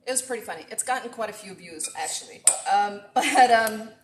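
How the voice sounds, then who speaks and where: Talkative middle-aged woman chef streaming from her home kitchen, boomy room sound. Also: expressive, a little fast, slight background noise. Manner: talkative, chatty, thanks viewers often. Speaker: chef and cooking live-streamer. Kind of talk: live-streamed cooking chat. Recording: echoey room.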